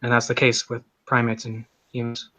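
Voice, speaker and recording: A man's voice: mid-range voice, completely flat delivery, moderate pace, fairly bright tone, no room sound. A man in a debate, explaining in technical detail.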